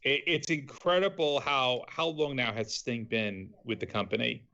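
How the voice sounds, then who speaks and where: A man co-hosting a wrestling podcast in casual chat, measured and agreeable, filling pauses with um and you know. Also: medium pitch, vocal fry, pushed and bright, muffled recording. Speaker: podcast co-host.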